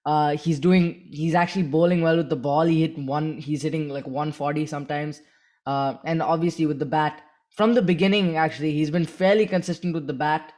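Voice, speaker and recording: A man with a slightly higher voice chats casually about cricket. He rambles and hesitates, circling back as he hunts for the right words. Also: steady tone, fairly quick, a little mellow. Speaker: cricket podcast co-host. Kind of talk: casual sports chat.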